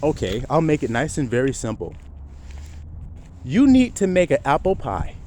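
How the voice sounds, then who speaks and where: A man preaching informally, firing rhetorical questions and swinging from a low mutter to loud, emphatic outbursts, now and then swearing. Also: huge pitch swings, normal speed, a little hiss or hum.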